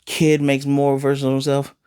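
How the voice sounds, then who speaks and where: A man with an ordinary mid-range voice talks through an anime episode scene by scene. He is animated and quotes the characters' lines as he recaps them. The sound is dry, with no room echo. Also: mid-range voice, moderate pace, smooth. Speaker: anime reviewer.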